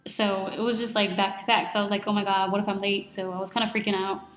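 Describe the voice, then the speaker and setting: A woman in her twenties, a vlogger, recounts her day in a casual video diary, chatty and full of "like," acting out what people said to her. Her mid-range voice is flat and quick, with a reverberant sound.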